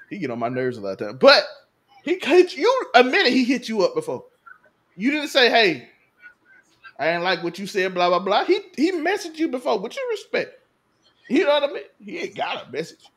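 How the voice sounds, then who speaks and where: A podcast host in his thirties talks casually and with animation. His voice sits high and jumps all over, and he breaks into laughter often while acting out what others said. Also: fairly bright tone, slightly rough. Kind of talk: casual chat.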